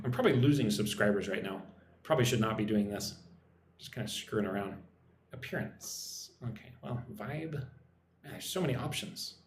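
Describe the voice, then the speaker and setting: A chatty man talks playfully on a live stream, his pitch swinging up and down in amused exclamations. His voice rings in a roomy, echoey space with a faint hiss of noise behind it. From Texas. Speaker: English teacher streaming live. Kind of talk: casual live stream chat.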